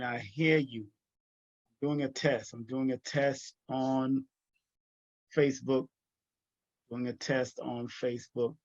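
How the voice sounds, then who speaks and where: Relaxed man testing a livestream. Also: medium pitch, dry recording, muffled recording. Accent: New York. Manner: laid-back, repeats phrases, chuckles often. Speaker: livestream host. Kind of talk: casual livestream chat. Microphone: webcam or laptop mic on a video call.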